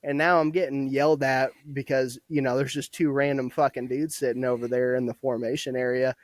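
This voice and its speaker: A young man in his twenties, guesting on a podcast, tells stories in a laid-back, easygoing way, swearing a lot and laughing often. His voice is middle-pitched and level, and he talks fairly quickly. The podcast-studio recording is dry and close, with no room echo.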